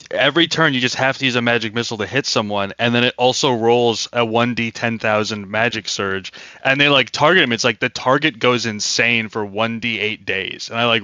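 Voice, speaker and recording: A man, the game master, telling lively stories about his tabletop game in casual chat, laughing between lines. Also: medium pitch, dry recording. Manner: laughing, animated storytelling with many fillers. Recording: dull lo-fi dry recording.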